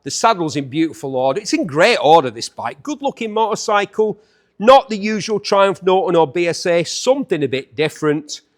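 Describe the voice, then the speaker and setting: A middle-aged man hosts a casual auction preview to camera. His voice sits slightly high and swings freely through its range, and he keeps slipping in cheeky jokes at the camera operator's expense. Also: very animated, brisk. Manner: jokey, teasing asides to the camera operator.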